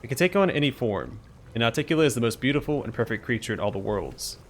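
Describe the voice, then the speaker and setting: A man's voice: mid-range voice, big pitch swings, fast talker, a little hiss or hum, natural voice. A man voicing a petulant female fecal demon queen who whines and boasts like a spoiled princess. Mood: petulant whining. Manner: whining, smug, self-pitying.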